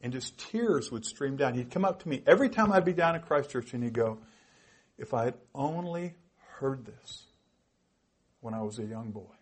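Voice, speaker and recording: A man in his sixties delivers a heartfelt sermon testimony with a husky, breathy voice. His pitch sits in an ordinary middle range, and his storytelling grows emotional, at times close to tears. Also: expressive, moderate pace. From United States. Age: 60s. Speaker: preacher.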